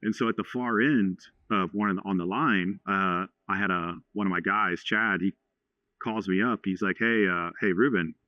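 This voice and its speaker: A man in his forties from Texas, a podcast guest telling a story in a halting way, with many restarts and fillers. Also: deep voice, fairly even intonation, no room sound. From Houston, Texas. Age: 40s. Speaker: podcast guest, franchise owner. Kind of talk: casual storytelling. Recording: slightly dull lo-fi sound.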